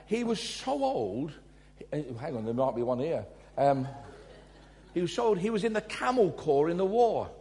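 Animated preacher, higher voice. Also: male voice, normal speed. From England. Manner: animated storytelling, swings between loud emphasis and quiet asides. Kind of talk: sermon with personal stories.

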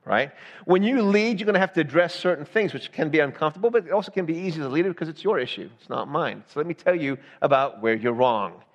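A man with a fairly high voice preaches to his congregation in a chatty, conversational way. He keeps checking in with the listeners with "right?". His voice rings out in a long reverb from a large church hall. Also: expressive, fast, lo-fi sound. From Southern United States. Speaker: pastor. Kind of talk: sermon.

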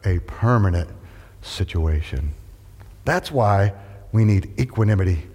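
In a big hall with long reverb, a man with a lowish, unhurried voice preaches to a gathered audience. The pastor delivers his sermon animatedly, asking rhetorical questions and getting the crowd to answer back.

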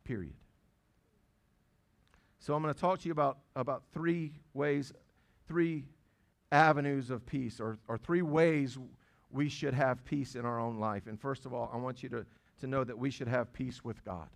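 A middle-aged male pastor preaches in a plain, medium-pitched voice. He talks to the congregation conversationally and stumbles into restarts. He drives his points home by repeating phrases for emphasis. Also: moderate pace, vocal fry. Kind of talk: sermon.

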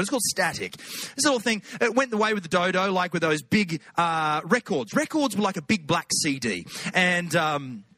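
Bright-voiced Australian pastor telling jokes. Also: male voice, high-pitched, no echo. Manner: animated, jokey, lots of put-on voices. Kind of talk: humorous sermon storytelling.

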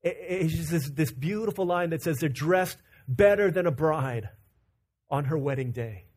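A man from Virginia preaching a conversational, animated sermon as pastor. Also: fairly high pitch. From Virginia, USA. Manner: conversational and animated, acting out quick character quotes.

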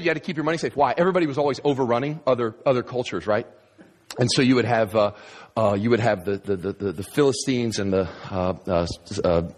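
A man's voice: mid-range voice, slightly rough. A male pastor preaching a sermon, telling a story with humor, restarting phrases as he goes. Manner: animated storyteller, humorous, with frequent stammered restarts.

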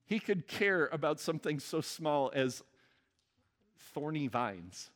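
A man's voice: on the high side, sing-song, takes it slowly, big-room sound. A male pastor delivering an earnest sermon and leading a prayer. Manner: earnest preaching, soft prayerful close.

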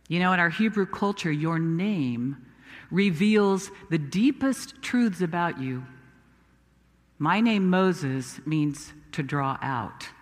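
A man acting out Moses, a humble prophet full of doubt, tells his story in a first-person dramatic sermon. The voice sits high and moves slowly and earnestly, leaning on pleading questions. It rings out with the long reverb of a large sanctuary. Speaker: preacher.

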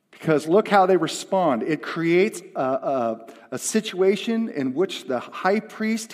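Man preaching with dynamic swings. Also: on the high side. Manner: dynamic, swings from hushed to emphatic. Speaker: pastor. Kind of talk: sermon. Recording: long hall reverb.

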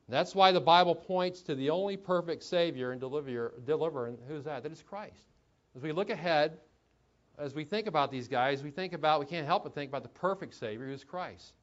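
A man's voice: on the high side, lo-fi sound. A man preaching a sermon in a church, talking conversationally with rhetorical questions and chuckling asides. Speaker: pastor.

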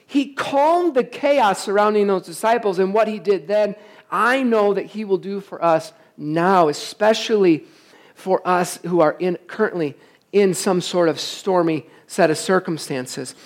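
A man preaching a sermon to his congregation as their pastor, emphatic and quick to put rhetorical questions to the room. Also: sits high. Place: church service, also streamed online.

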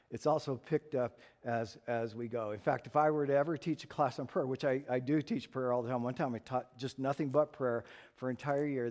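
A middle-aged man preaching a sermon as pastor, animated and playful, acting out little scenes for humor. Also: medium pitch. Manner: animated storyteller, acts out voices for humor.

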